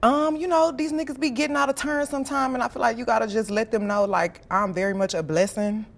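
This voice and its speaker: A woman's voice: on the high side, steady tone, fast talker, gravelly. A woman from Houston with a Southern US accent, a guest chatting playfully and confidently, often giggling. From Houston, Texas. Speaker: guest rapper. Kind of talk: casual interview chat.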